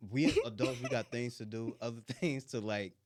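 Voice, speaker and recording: A man in his thirties, hosting a casual chat and telling stories in an animated, colloquial way. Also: medium pitch, normal speed, dry recording. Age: 30s.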